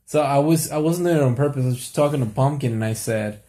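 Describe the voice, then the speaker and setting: A man's voice: mid-range voice, fairly even intonation, a little fast, mellow. A young man talking casually to camera late at night, rambling with lots of fillers and restarts.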